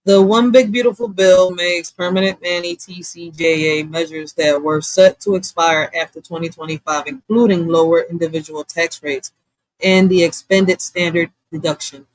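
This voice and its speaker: A woman hosting a casual livestream, talking bluntly with lots of swearing and reacting loudly, with laughs, to comments from her chat. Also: fairly low pitch, fairly even intonation, moderate pace, no room sound, poor audio. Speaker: livestream host.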